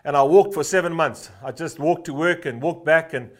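A man in his fifties delivers a fervent sermon in a fairly high voice. He tells personal stories loosely, full of "uh" fillers, then drives his point home by repeating one short phrase again and again. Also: normal speed. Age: 50s. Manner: storytelling with frequent "uh" fillers. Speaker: pastor.

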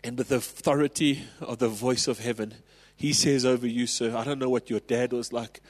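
South African pastor preaching in a reverberant hall. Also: male voice, medium pitch, steady tone, normal speed. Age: 40s. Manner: impassioned storytelling, building to loud calls. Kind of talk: sermon.

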